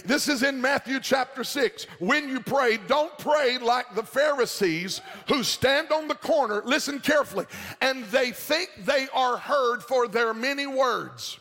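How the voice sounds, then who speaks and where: A male pastor preaching a sermon, shouting in a sing-song cadence and calling out questions to the congregation. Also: very high-pitched, measured pace. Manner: call-and-response questions to the congregation. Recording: reverberant hall with music behind.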